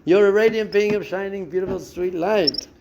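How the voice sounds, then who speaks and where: A man's voice: high-pitched, normal speed, background noise. A man, a rabbi giving a spiritual lesson and acting out the voices in a listener's head. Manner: expressive, acts out inner voices and quotes. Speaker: rabbi teaching a class.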